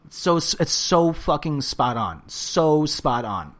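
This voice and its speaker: A man's voice: a little high, takes it slowly. Profane, ranting male wrestling podcaster. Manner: animated, profane, rants with bursts of shouting. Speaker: podcast co-host. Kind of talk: casual wrestling recap chat.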